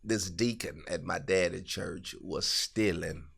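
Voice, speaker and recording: A man, a comedian guest on a podcast, telling laid-back, animated stories in casual chat. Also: sits low, unhurried, vocal fry, husky. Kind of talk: casual storytelling.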